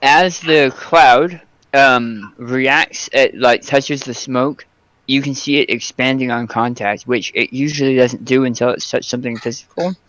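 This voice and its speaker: A man narrating as game master for a tabletop game, pausing often with ums and restarting sentences. His voice is smooth and clear, recorded dry and close with no room sound. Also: medium pitch, a bit bright, no room sound. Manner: hesitant, lots of ums and restarts.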